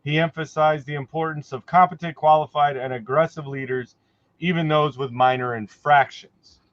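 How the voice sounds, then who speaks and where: A man's voice: fairly high pitch, fairly even intonation, normal speed, no echo, lo-fi sound. A man co-hosting a casual livestream chat, speaking in a hesitant, conversational way with many fillers. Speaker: co-host.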